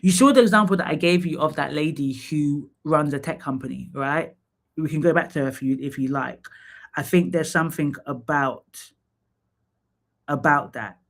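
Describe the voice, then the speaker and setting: A man hosts a casual live stream, talking straight to his viewers and giving frank feedback. His voice sits a touch higher than most men's. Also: normal speed, gravelly, fairly bright tone. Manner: chatty, candid, talks to viewers by name; drops into sung snatches and playful asides. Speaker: live stream host reviewing profiles.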